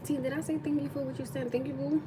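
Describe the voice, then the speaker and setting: A woman's voice: high-pitched, flat delivery, quick pace, background noise. A woman in her thirties hosting a casual livestream, rambling and chatting with viewers, thanking them as she goes. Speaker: livestream host.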